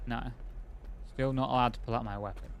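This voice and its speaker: A male game streamer giving casual commentary while he plays. He thinks out loud, rambles, and stops often on fillers and half-finished thoughts. His voice sits in an ordinary middle register. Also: medium pitch, steady tone, a little fast, creaky, a little hiss or hum.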